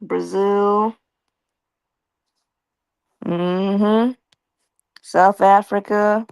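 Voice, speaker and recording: A woman's voice: medium pitch, fairly even intonation, extremely slow, creaky, a little mellow, smooth, no room sound. A woman hosting a casual live stream, reading viewer comments aloud in a playful, teasing way and laughing often.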